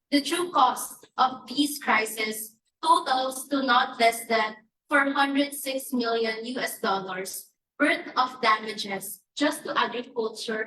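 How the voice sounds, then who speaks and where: A woman's voice: fairly high pitch, bright, forceful tone, slight background noise. A woman from the Philippines reading an emphatic prepared statement at a press briefing, speaking as a church advocate. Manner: emphatic, deliberate, listing demands. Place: conference press room. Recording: echoey room, from a distance.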